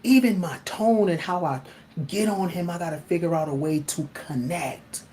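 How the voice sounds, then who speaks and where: Blunt, animated man, casual monologue. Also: on the high side, normal speed, slight background noise. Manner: laughs often. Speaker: host.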